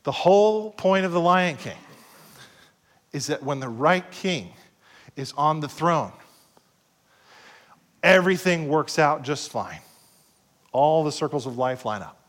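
A middle-aged pastor preaching a sermon, swinging between loud passages and hushed asides and acting out quoted voices. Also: male voice, on the high side, expressive, unhurried, pauses often. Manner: acts out quoted voices in short skits.

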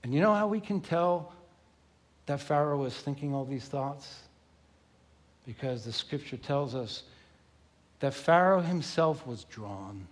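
Male pastor, emphatic and animated sermon delivery, high voice, deliberate pace. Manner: animated, emphatic, acts out the story.

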